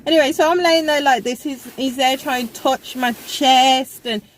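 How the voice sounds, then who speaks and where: A woman's voice: sits high, moderate pace, slight background noise, poor audio. A young woman telling a casual storytime in a chatty, rambling way, full of fillers. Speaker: vlogger.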